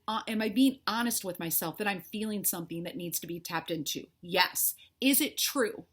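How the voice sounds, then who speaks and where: This middle-aged life coach has a medium-pitched, fairly bright voice. She addresses her followers candidly and warmly, in a conversational style grounded in faith.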